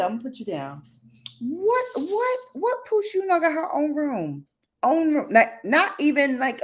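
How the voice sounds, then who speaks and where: A woman hosting a casual late-night livestream, chatting playfully with viewers in a slangy, animated way and acting out quotes. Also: on the high side. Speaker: livestream host.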